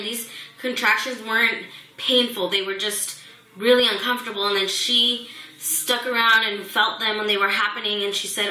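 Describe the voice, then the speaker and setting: A woman's voice: medium pitch, sharp tone. A young woman vlogger telling the story of a hospital visit during her pregnancy, with lots of fillers and restarts. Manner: emotional retelling, many fillers and restarts. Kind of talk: personal pregnancy update. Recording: echoey room.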